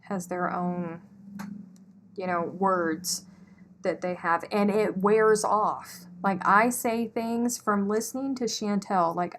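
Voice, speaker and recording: Slow-talking woman crochet host. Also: mid-range voice, a bit bright. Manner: unhurried, chatty, laughs often. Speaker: crochet live stream host. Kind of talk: casual chat while crocheting.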